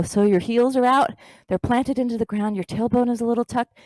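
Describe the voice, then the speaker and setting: A woman's voice: fairly high pitch, a little fast, a little mellow, no echo. A woman leading a bodyweight workout as fitness instructor, counting reps aloud and encouraging the viewer.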